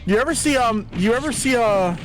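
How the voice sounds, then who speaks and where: A man's voice: extremely high pitch, expressive, fairly quick. A man joking and riffing as a guest in a casual gameplay chat, often trailing off. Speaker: guest co-streamer. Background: game music.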